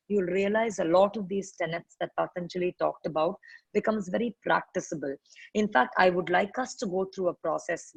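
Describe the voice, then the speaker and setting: A middle-aged woman with an Indian English accent, a yoga teacher giving an orientation talk to new students over a video call, explaining earnestly and correcting herself often, her voice cracking and needing to clear her throat. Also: mid-range voice, no room sound, poor audio.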